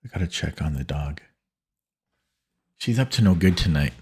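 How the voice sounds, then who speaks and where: A man streaming from his home office, calmly talking himself through chess puzzles in a slow, musing way. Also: sits low, slightly rough. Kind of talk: thinking aloud while solving chess puzzles.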